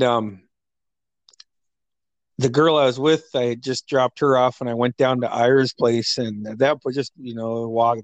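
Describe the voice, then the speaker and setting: A man casually telling stories about a friend, laughing often and acting out quotes in a raised voice. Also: dry recording. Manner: animated storyteller, acts out quotes in a higher voice; laughs often, many fillers. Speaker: friend sharing memories. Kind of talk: casual storytelling chat.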